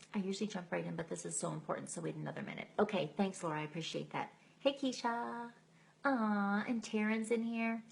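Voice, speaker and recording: A woman's voice: on the low side, creaky. A woman hosting a casual live chat, greeting viewers by name and laughing at herself. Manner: self-deprecating, laughs often. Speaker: live stream host.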